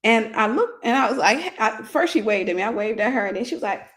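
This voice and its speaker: A woman's voice: a little high, animated, brisk, a bit bright. A woman minister in her forties telling a personal story in a casual livestream sermon, greeting viewers by name.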